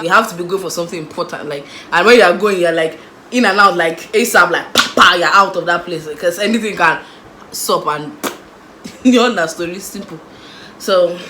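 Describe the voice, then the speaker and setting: A young Nigerian woman in a casual storytime vlog, lively and acting out the people in her story. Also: on the low side, echoey room, noisy background. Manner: animated, acts out voices of the people in her story. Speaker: vlogger.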